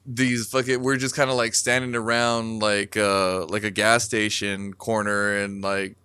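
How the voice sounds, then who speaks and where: A man's voice: lowish voice, little pitch movement, unhurried, bright, forceful tone, clean tone, no echo. A man co-hosting a podcast, telling a rambling story casually with lots of swearing and filler words. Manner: rambling, profane, many fillers. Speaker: podcast co-host.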